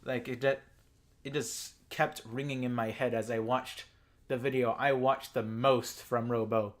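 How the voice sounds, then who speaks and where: A man's voice: medium pitch, fairly even intonation, a little slow. A young man from Texas, ranting casually and profanely as a YouTube commentator. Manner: rambling, profane, self-deprecating.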